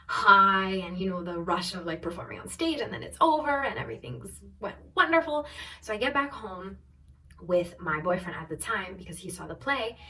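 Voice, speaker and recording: A young woman in her twenties tells a personal story for her vlog, lively and full of asides. Her voice sits a little low for a woman. The mic is set a bit away from her. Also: recorded from a distance. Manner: animated storytelling, quoting others in raised voices. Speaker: travel vlogger.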